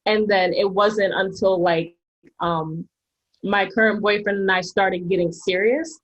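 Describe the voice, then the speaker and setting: A woman's voice: mid-range voice, steady tone, a little slow, rough recording. A woman on a podcast panel telling stories in a chatty way, full of "like" and "um". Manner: chatty, storytelling, frequent "like" and "um". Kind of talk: casual debate chat.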